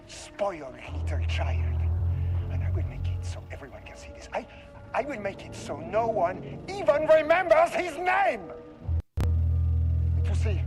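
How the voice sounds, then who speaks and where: An actor with a French accent playing a bitter, arrogant male scientist who runs a lab in a video game. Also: sits high. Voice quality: resentful, scornful, swings between muttering and shouting. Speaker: game character. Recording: game audio with loud music behind.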